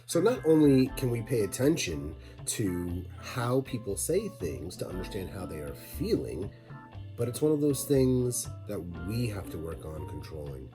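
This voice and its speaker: A man narrating a lesson for children, talking slowly and deliberately and addressing the kids directly. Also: lowish voice, very animated, music in the background. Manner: slow, deliberate, talks straight to kids. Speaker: teacher.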